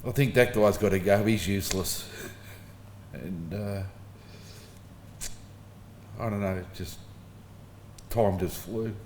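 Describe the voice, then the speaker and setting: Middle-aged Aussie man, lowish voice, easygoing anecdotal eulogy, roomy hall with faint background hum. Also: slow, pauses often, darkish tone. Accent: Australian. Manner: casual storytelling, chuckling between anecdotes. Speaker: son giving a eulogy. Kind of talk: informal funeral eulogy. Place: funeral service hall. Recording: echoey hall with faint ambience.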